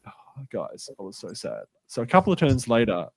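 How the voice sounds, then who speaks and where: A man's voice: medium pitch, a little fast, gravelly, no echo. A man co-hosting a podcast, telling a tabletop game story and acting out the quoted lines. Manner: animated, acts out quoted dialogue. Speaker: podcast co-host. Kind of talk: casual chat, storytelling.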